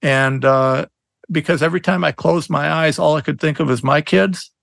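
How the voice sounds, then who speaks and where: A man's voice: fairly high pitch, moderate pace, vocal fry, a bit bright, no room sound. A middle-aged man, an attorney, telling stories in an interview, earnest and emphatic, with many restarts. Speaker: attorney, podcast guest. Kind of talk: conversational interview storytelling.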